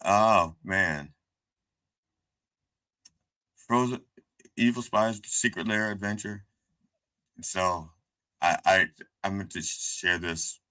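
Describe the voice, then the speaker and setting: A man's voice: low voice, slow pace, long pauses, sharp tone. A man hosting a live stream, talking casually and hesitantly, with many restarts. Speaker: show host.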